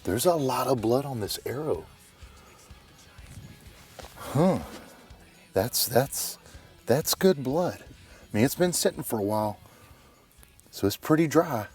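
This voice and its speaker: A man's voice: medium pitch, animated, takes it slowly, long pauses, darkish tone, faint music behind. A man who is a bowhunter, narrating his hunt in short, plain spoken phrases, talking outdoors in the woods. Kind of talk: hunting show narration and field talk.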